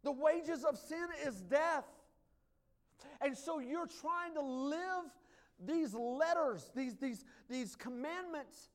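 A man preaching a sermon as pastor, swinging from hushed lines to loud ones and joking with the congregation. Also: very high-pitched, animated, takes it slowly. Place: church.

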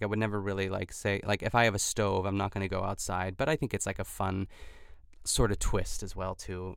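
A man's voice: lowish voice, creaky, smooth, dry recording, clean studio sound. A man hosting a podcast, recapping in casual chat and filling his talk with "like" and restarts. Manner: chatty, lots of "like" fillers and restarts. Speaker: podcast host.

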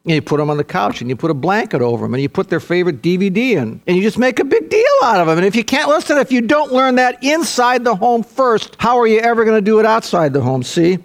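A man's voice: sits high, lively intonation, fast, few pauses, faint music behind. An older man preaching a sermon, earnest and emphatic, repeating key phrases and calling his listeners folks. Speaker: pastor.

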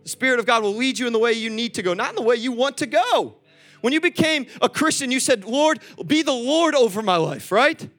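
A young man preaching a sermon, animated, swinging between loud calls and soft asides and talking straight to the congregation. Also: very high-pitched, fast, soft background music. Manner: acts out quoted voices, chats with the congregation. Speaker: pastor.

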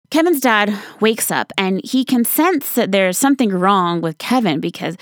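Woman storyteller, gravelly edge, conversational, talks straight to the listener, dry sound. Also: medium pitch, no echo. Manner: conversational, casual swearing, addresses listener directly. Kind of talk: storytelling monologue.

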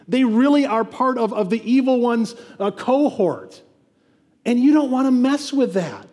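A man's voice: extremely high pitch, expressive, a little slow, a little mellow, big-room sound. A man preaching a sermon as pastor, conversational, with asides and frequent restarts.

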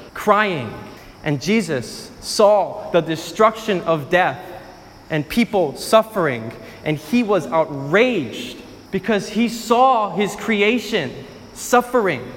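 High-pitched male preacher, emphatic storyteller who repeats lines for effect, long hall reverb. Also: fairly bright tone. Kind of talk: sermon.

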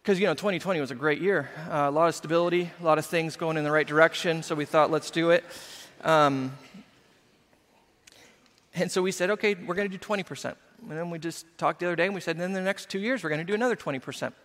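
A male pastor preaching a sermon in an animated, emphatic way with conversational asides. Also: on the high side, quick pace, big-room sound.

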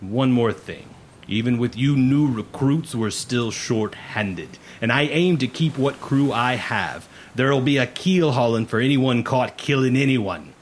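A man voicing a commanding male pirate captain who speaks slowly and booms. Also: animated, a little hiss or hum, lightly acted. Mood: stern. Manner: slow, booming, commanding.

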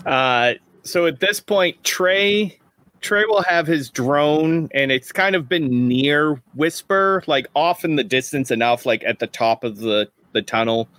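Slow-talking man, dry close sound. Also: on the high side, a bit bright, dry recording. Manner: slow, deliberate, hedging with fillers. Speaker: player. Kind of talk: tabletop game play.

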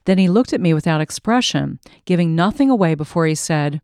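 A woman reads her memoir aloud as an audiobook, in a wry and measured way. Her voice sits a little low. The recording is dry and close, with no room sound. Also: lively intonation, a little mellow, no room sound. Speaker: memoir narrator.

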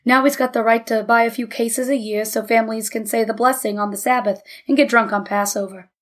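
A blunt, wisecracking old man, as a woman narrator puts him on, talks fast and sure of himself. He sits in a read-aloud story, only lightly set apart from the narration. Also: on the high side, steady tone, lightly acted. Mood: wry.

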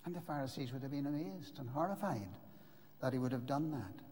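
An older man preaching a sermon, earnest and emphatic, with dramatic pauses. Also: mid-range voice, a little mellow. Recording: long reverb of a large hall.

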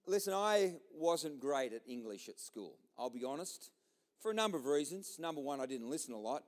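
High-voiced Australian pastor. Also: male voice, brisk. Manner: jokey storytelling, lively, talks directly to the congregation. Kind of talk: sermon. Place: church service.

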